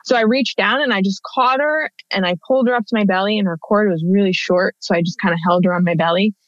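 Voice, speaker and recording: A woman's voice: mid-range voice, fast talker, dry recording. A woman in her thirties, a guest on an interview, telling a personal story in a conversational way with lots of fillers and restarts. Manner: chatty, with many fillers and restarts. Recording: dull, dry lo-fi audio.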